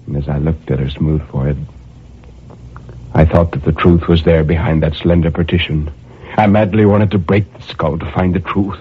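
A man narrating a dark first-person story in a brooding, intense, measured way. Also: extremely low pitch, fairly even intonation, slightly rough. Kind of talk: dramatic story reading. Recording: tinny phone-like audio.

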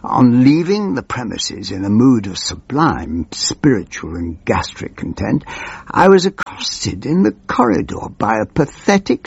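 A man playing a doddering, pompous old politician who rambles and loses his thread, in a gravelly, husky voice. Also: mid-range voice, darkish tone, no echo, dull audio, exaggerated voice. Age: older. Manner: meandering, wandering off and losing his thread. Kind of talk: comic character monologue.

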